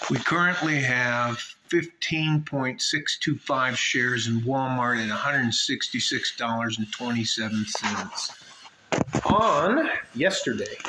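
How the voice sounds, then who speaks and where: A man's voice: mid-range voice, fairly bright tone. Blunt West Texas man in echoey room. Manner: blunt, rambling, swears casually. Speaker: vlogger. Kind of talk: casual direct-to-camera talk. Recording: echoey room with faint ambient noise.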